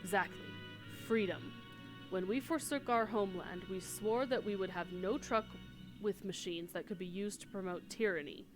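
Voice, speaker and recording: An actor playing a gruff, principled engineer chief in a game cutscene, speaking firmly and earnestly. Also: male voice, sits high, moderate pace, over music, lightly acted. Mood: stern. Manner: firm, earnest. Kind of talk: voiced game cutscene dialogue.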